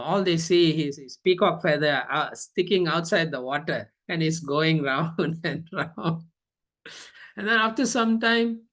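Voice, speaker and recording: A man giving a devotional storytelling class over an online call, animated with frequent fillers. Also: high voice. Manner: animated, hesitant with many fillers. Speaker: guest speaker.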